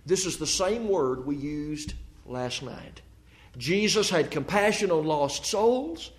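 High-voiced preacher, emphatic sermon. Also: male voice, expressive, slow pace. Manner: emphatic, rising and falling, rhetorical questions to the congregation.

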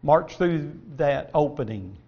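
A man's voice: on the high side, animated, slow pace, highs cut off. A man preaching a sermon and reading scripture aloud, earnest and folksy, asking his listeners rhetorical questions.

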